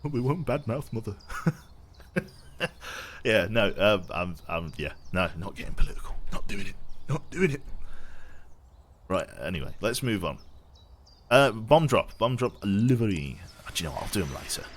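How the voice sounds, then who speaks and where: A man's voice: fairly low pitch, very animated, normal speed, slight background noise. A young man from England with a posh English accent, chatting casually with his viewers while streaming a game, self-deprecating and reading chat aloud.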